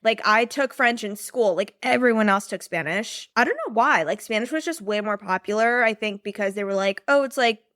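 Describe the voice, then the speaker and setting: A woman's voice: mid-range voice, brisk, hardly any pauses, fairly bright tone, no echo, studio quality. A young woman chatting casually and rambling about a trip, with lots of fillers and laughter. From United States. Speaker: podcast host and business mentor. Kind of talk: casual chat.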